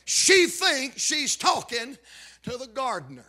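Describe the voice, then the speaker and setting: High-voiced preacher shouting his sermon. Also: big pitch swings, takes it slowly. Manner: builds to shouted emphasis, calls out "are you listening".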